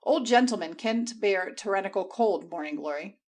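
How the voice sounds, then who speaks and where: A woman voicing an elderly, jealous but gentle uncle, speaking softly in a lowered, fatherly tone. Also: lively intonation, normal speed, natural voice. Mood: gentle, indulgent.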